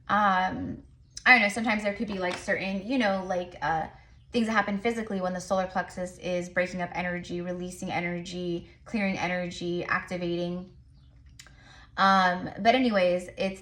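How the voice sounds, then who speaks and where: On the low side and a bit bright, a woman's voice carries a casual tarot reading for her viewers. She tells them she talks fast, and her delivery wanders with plenty of fillers and restarts.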